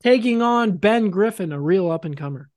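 A woman's voice: mid-range voice, lively intonation, normal speed, darkish tone, dry recording, studio quality. Playful woman hosting a bracket game. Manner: playful, announcer-like build-ups of names. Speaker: podcast host. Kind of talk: casual chat, running a sports bracket game.

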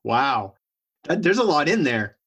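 A man's voice: a little high, very animated, measured pace, a bit bright, husky. A man interviewing casually, mostly with short encouraging replies.

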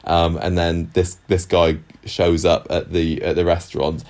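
A podcast co-host with a deep, darkish voice chats casually about an old TV soap. His tone stays level and his pace measured, though his speech is full of fillers and restarts.

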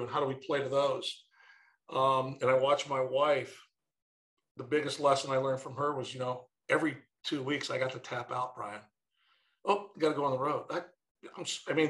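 A middle-aged man, a former baseball manager, telling stories in a casual interview and quoting his kids in lively bursts. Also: mid-range voice, echoey room, poor audio.

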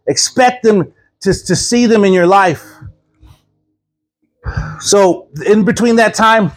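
Animated and high-voiced, this preacher tells a story-driven sermon, performing the quoted voices himself. He and the congregation laugh together often.

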